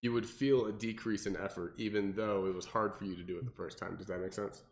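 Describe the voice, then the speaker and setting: A man, a personal trainer co-hosting a podcast, talking casually and animatedly with lots of fillers and restarts. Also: fast talker. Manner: animated, mimics people in exaggerated high voices, many fillers and restarts.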